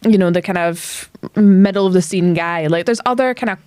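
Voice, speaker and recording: A woman's voice: fairly low pitch, moderate pace, darkish tone, clear, resonant tone, no room sound. A woman co-hosting a casual film podcast, explaining her points expressively with laughs. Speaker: podcast co-host. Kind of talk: casual film review chat.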